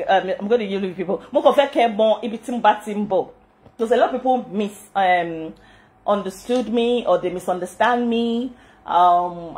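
A middle-aged Nigerian woman with a Yoruba-inflected accent speaks in a casual vlog, her voice pitched a little high. She talks with animated indignation, firing off rhetorical questions and breaking into frequent laughter. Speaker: channel host.

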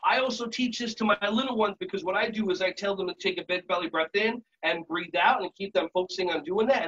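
A high-pitched, slightly husky man leads a live conference warm-up, coaching people through belly breaths and neck stretches with jokes along the way. He sounds a little distant from the mic, and the audio is dull, as if captured in a session room. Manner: upbeat, jokey, coaching the audience through breaths. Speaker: movement and relaxation instructor. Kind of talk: leading a live group warm-up.

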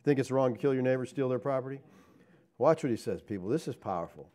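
Animated preacher man with lively pitch. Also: quick pace. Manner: animated preaching with rhetorical questions to the congregation; swings between loud emphatic lines and low asides. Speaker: pastor. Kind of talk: sermon.

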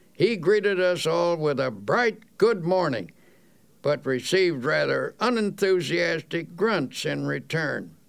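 A man narrates a self-help audiobook at an unhurried, slow pace, his voice fairly high for a man and carrying a gravelly edge. Under the grit the tone stays smooth and resonant. He reads earnestly and deliberately, leaning on the key words. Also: a bit bright.

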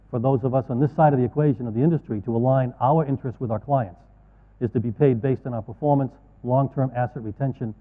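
Middle-aged man, earnest folksy speaker, lo-fi hall recording. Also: mid-range voice. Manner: folksy, earnest, storytelling with asides. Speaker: conference speaker. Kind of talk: keynote talk to financial advisors. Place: large conference hall. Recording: tinny, echoey hall audio.

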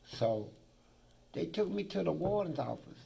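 A man's voice: fairly high pitch, very animated, measured pace, creaky, mellow. A man being interviewed who tells blunt, profane stories about prison life in a vivid, swearing manner. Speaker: interview guest.

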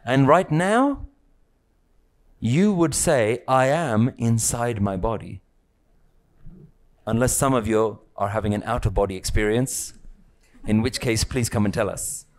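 A male spiritual teacher speaks to a live group in an unhurried, deliberate way. His voice sits in a middle range, and he builds his points through repeated phrases and questions put to his listeners. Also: mid-range voice. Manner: slow, questioning, repetitive phrasing; rhetorical questions to the audience.

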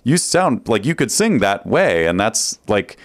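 A man's voice: lowish voice, very animated, measured pace, no echo. A man co-hosting a casual comedy podcast, wry and rambling as he makes his point.

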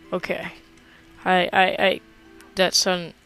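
A woman's voice: fairly low pitch, slow pace, pauses often, soft background music. A woman giving casual, chatty commentary as she plays a video game and talks to herself. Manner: relaxed, chatty, talks to herself while playing. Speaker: gameplay video host.

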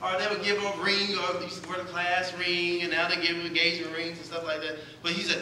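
A man's voice: high voice, completely flat delivery, fairly quick, hardly any pauses, pushed and bright, slight background noise. A man preaching a sermon, asking the congregation questions and answering them himself. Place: church sanctuary. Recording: echoey church hall, distant mic.

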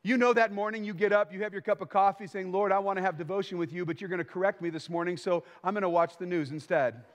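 A man preaching a sermon as pastor, emphatic and lively, acting out little bits of everyday small talk. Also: high-pitched, fast, few pauses, in a large hall.

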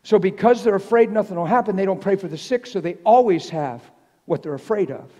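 A man preaching a sermon to a congregation, telling stories in an animated way that drops to a hush and rises to shouts. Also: sits high, fairly quick. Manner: animated, swings from hushed to shouting. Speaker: traveling preacher. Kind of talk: sermon with storytelling. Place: church sanctuary. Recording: live church hall reverb.

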